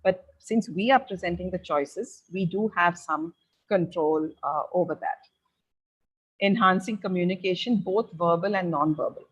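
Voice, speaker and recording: This is a woman talking parents through their teenagers' changes. Her voice sits a little low. She is middle-aged, and she explains in a calm, advisory way with frequent pauses. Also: husky, low-quality recording. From India. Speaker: parenting educator.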